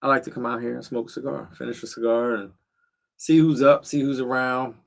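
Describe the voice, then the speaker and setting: A man's voice: mid-range voice, fairly even intonation, brisk, creaky. A middle-aged man chatting casually on a livestream from a cold backyard shed, talking straight to his viewers with slang and fillers. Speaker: livestream host.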